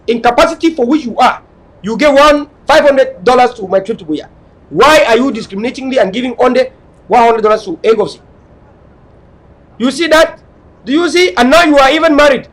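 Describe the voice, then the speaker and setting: A man hosts a talk show in an unusually high voice. He harangues his audience, hammering home the same points over and over in a lecturing tone. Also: low-quality recording. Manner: hectoring, repetitive, lecturing. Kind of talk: online talk show monologue.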